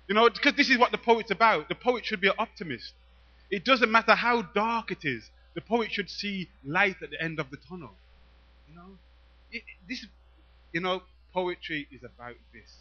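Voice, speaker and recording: A man performs his poetry live before an audience, coaxing the crowd and chanting his lines with a playful rhythm. His voice sits high and cuts through sharply. The live recording sounds dull and muffled. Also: lively intonation, normal speed, sharp tone. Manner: playful, teasing, rhythmic recital. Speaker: performance poet. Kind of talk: live spoken-word performance with audience call-and-response. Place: live venue in front of an audience.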